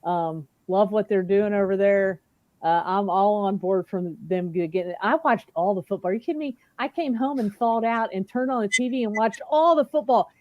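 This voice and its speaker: A woman's voice: a little high, normal speed, darkish tone, no room sound, highs cut off. A woman panelist in casual sports chat, talking in a fired-up, emphatic rant.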